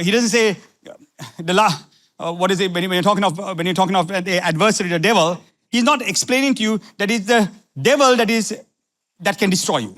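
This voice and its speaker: A middle-aged man from Sri Lanka preaching a sermon as pastor, repeating phrases and swinging from low asides to fiery questions. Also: fairly bright tone.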